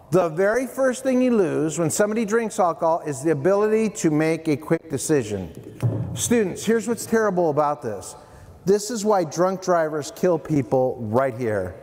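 A man giving a playful, animated prevention talk to middle schoolers at a school assembly, addressing them directly. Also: sits high. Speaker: youth prevention speaker. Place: middle school hall, indoors. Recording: long hall reverb, faint room noise.

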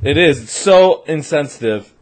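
A man's voice: on the high side, expressive, normal speed. A man joking and teasing his friends while commentating a hide-and-seek video game. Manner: joking, teasing, laughs often. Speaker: gamer. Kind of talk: casual gaming commentary.

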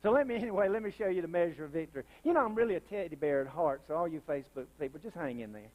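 A man in a church sanctuary preaching a sermon with real fire in it. His voice sits high and it keeps jumping up into loud, impassioned bursts. He keeps calling out to the congregation, asking for responses and a witness. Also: lively intonation, racing, phone-quality sound. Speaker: pastor.

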